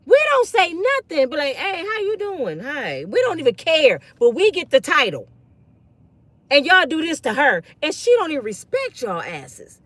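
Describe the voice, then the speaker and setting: A woman's voice: high-pitched, sing-song, moderate pace, fairly bright tone, dry recording. A woman ranting bluntly and profanely in a casual livestream on her phone. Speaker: online commentator.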